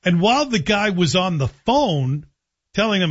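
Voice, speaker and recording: A man's voice: high voice, expressive, fairly quick. A man hosting a talk radio show, chatting through a casual monologue with wry, self-deprecating asides. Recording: dull lo-fi radio broadcast.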